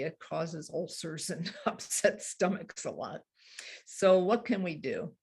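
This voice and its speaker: A woman coaching couples on handling conflict, explaining earnestly with soft laughs. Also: deep voice, creaky. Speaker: relationship coach. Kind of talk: teaching a couples workshop talk.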